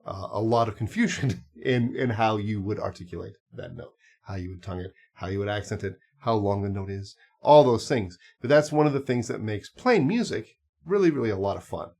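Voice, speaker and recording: A man's voice: on the low side, lively intonation, a little fast, creaky, darkish tone. A man teaching clarinet, talking casually and explaining step by step with small asides and fillers. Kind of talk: casual instructional talk.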